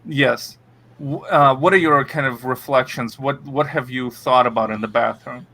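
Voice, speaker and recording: A man's voice: medium pitch, normal speed, vocal fry, bright, forceful tone. A man co-hosting a podcast, chatting casually with many fillers and restarts. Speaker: podcast co-host. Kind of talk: casual chat.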